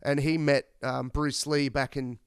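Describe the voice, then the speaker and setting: A podcast host telling rambling, profane stories in casual chat. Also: male voice, medium pitch, little pitch movement, measured pace, clean tone, dry recording, clean studio sound. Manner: rambling, profane, laid-back.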